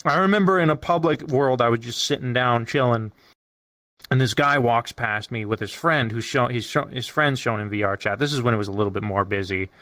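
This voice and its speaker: A man hosting a casual podcast, telling stories in an animated way and swearing often. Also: medium pitch, fairly quick, no room sound, clean studio sound. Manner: animated, profane storytelling. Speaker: podcast host. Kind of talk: casual chat. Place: streaming setup.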